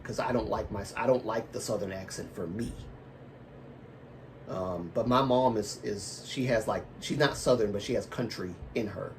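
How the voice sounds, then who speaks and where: Hosting a casual live-stream chat, this man, from the American South and Baltimore, has a fairly low, slightly mellow voice. He's far from the mic, with a bit of hiss or hum, as he rambles, self-corrects, laughs at himself, and keeps coughing.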